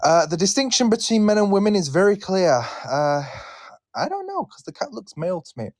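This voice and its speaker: A British man hosting a casual online chat, playful and quick to laugh. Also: sits high, no room sound, studio quality. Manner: animated, laughs often, playful. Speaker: host.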